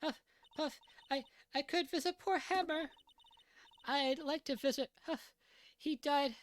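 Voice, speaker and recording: A woman's voice: sits high, unhurried, pitched above the performer's own voice. Huffing, puffing old lady. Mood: breathless cranky. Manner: wheezy huffing and puffing between stammered words. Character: huffing, breathless old woman, cranky. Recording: faint music underneath.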